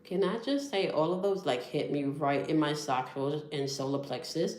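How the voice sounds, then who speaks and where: A woman's voice: deep voice, normal speed, a little mellow. A woman hosting a spiritual tarot reading, talking straight to her viewers and checking in often with "all right?" and "okay?". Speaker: tarot reader and channel host. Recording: echoey room.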